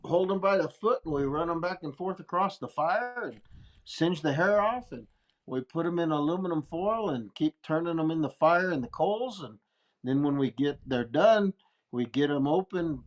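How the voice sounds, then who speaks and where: A man's voice: on the high side, close to an everyday voice. A man putting on the voice of a cheerful male ranch hand in a story he tells.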